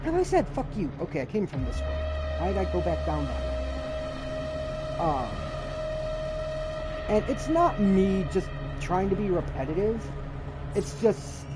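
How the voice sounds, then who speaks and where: Gaming streamer, live let's-play commentary, lively swinging pitch, profane playful outbursts. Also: measured pace, pauses often. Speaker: streamer playing a video game. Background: game music and sound effects.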